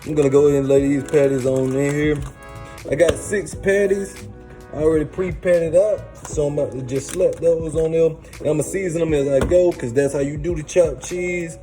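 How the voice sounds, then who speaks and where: A man's voice: fairly high pitch, moderate pace, warm tone, poor audio. Hyped slangy man cooking, music behind. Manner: hyped, slangy, talks straight to viewers. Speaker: cooking show host. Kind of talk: casual cooking demo. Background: music playing.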